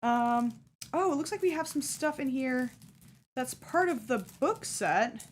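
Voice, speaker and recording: A woman's voice: high voice, lively intonation, measured pace, a little hiss or hum. A woman streaming herself opening a fan's care package, chatting casually and gushing with delight over each item. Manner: bubbly, gushing, easily delighted. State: hiccups. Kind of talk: casual unboxing chat.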